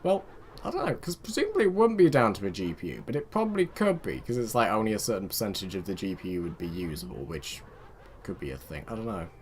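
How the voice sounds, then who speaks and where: A man's voice: fairly low pitch, huge pitch swings, fast, a little hiss or hum. A young man giving casual let's-play commentary, rambling and chatting to his game units with muttered asides. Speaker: gaming video host.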